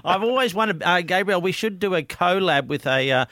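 Man, radio co-host, playful joking, bright tense tone, dry studio. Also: sits high, expressive, a little fast, no room sound. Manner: playful, joking, laughs often. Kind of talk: casual radio chat.

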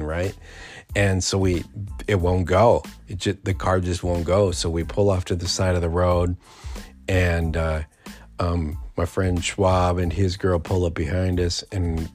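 A man in his forties hosting a podcast, telling a rambling, profane story and laughing as he goes. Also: deep voice. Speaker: podcast host. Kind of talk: casual storytelling.

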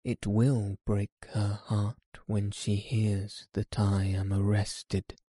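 A man voicing a weary, dying old man in a slow, grave audiobook reading. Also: lowish voice, flat delivery, mellow, slightly rough, no room sound. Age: older.

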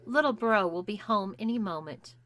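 A woman reading an audiobook, voicing an amused older sister who teases in an offhand, bright manner. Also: mid-range voice, lively intonation, moderate pace, close to an everyday voice. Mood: breezy. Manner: teasing, offhand.

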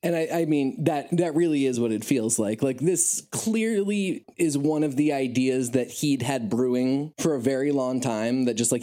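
A man's voice: mid-range voice, mellow. A man co-hosting a podcast, talking at length in a casual, discursive way, often falling back on "like" as he thinks aloud. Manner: discursive, frequent "like" fillers. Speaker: podcast co-host. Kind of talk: casual chat.

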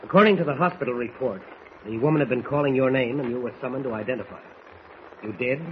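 An actor playing a stern, officious district attorney with a clipped, coldly formal delivery in a mid-range voice. Classic 1940s radio acting. Dull, muffled sound with a faint hiss. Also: male voice, medium pitch, quick pace, lightly acted.

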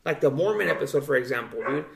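A man's voice: mid-range voice, animated, quick pace, creaky, a little hiss or hum. A man hosting a casual podcast chat, loose and profane, saying "dude" constantly. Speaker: podcast host. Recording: roomy echo.

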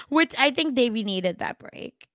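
A woman's voice: sits high, no echo. A young woman co-hosting a podcast, recapping a TV episode in casual chat with dramatic asides. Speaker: podcast co-host.

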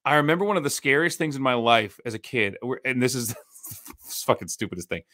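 A man's voice: mid-range voice, expressive, quick pace, sharp tone. A man in his thirties chatting casually as a podcast co-host, retelling a scary story with lots of swearing. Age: 30s. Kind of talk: casual chat.

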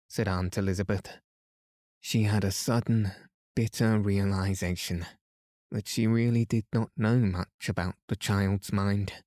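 A man calmly reading a classic novel aloud as a bedtime story for a sleep podcast, soothing and unhurried. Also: lowish voice, no echo, studio quality. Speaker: podcast narrator.

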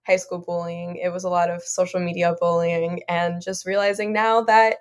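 A woman's voice: lowish voice, level tone, normal speed. A young adult woman, a podcast guest, talking in an earnest, rambling way with frequent "like" and "you know". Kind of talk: casual interview chat.

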